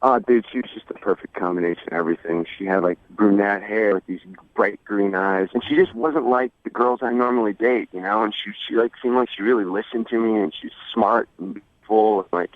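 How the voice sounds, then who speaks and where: A man calling in to a radio show, talking in a relaxed, rambling way, full of "man" and "bro", heard over a phone line. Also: on the low side, a little fast, no room sound. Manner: laid-back, lots of fillers like "man" and "bro". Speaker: caller. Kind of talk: casual phone-in chat.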